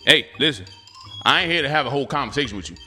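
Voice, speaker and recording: A man voicing an irritated customer who wants no contact, brusque and fast. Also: medium pitch, animated, pushed and bright, faint music behind, voice pushed down. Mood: annoyed.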